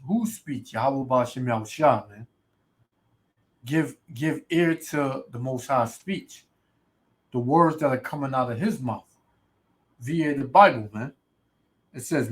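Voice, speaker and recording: A man preaching in a ranting way, reading scripture slowly and adding "man" and "right" to nearly every line. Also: on the high side. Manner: reads scripture slowly and loudly. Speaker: street preacher. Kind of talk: ranting sermon video.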